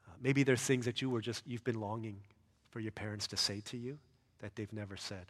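A man's voice: on the low side, steady tone, a little fast. Earnest male pastor in a reverberant hall. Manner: earnest, builds to loud emphatic peaks then drops soft. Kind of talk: sermon.

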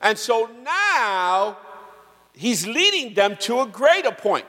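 A male pastor preaches with lively slang and calls out to his congregation for amens. His voice runs high and swings widely in pitch. A long church reverb hangs on his words. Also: slow pace. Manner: animated, slangy, asks the crowd for amens. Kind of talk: sermon.

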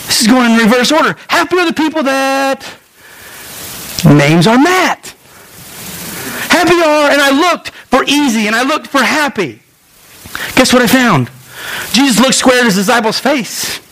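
A man in his thirties with a fairly high voice preaches to his congregation. His delivery is earnest and personal, and it leans into emotion. He repeats phrases to drive his points home. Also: animated, unhurried, pauses often, a bit bright, rough recording. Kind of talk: sermon. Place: room with a live congregation.

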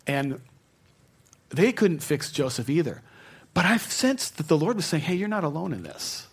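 A middle-aged man preaching a sermon, telling personal stories, dropping to a hush and then rising to fervent emphasis. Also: a little high, sing-song, moderate pace, slightly rough. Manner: personal storytelling, swings from hushed to fervent. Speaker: pastor.

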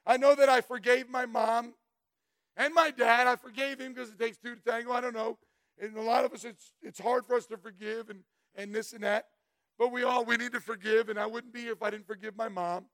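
A middle-aged man giving a folksy, animated testimony sermon, telling stories and breaking into shouts. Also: very high voice, a little fast, no room sound. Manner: folksy, storytelling, bursts into shouts.

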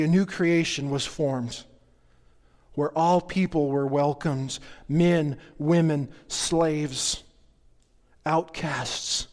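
A man preaching a sermon, joking with the congregation and building to excited energy. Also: fairly high pitch, in a large hall. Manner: playful, jokey asides to the congregation. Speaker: pastor.

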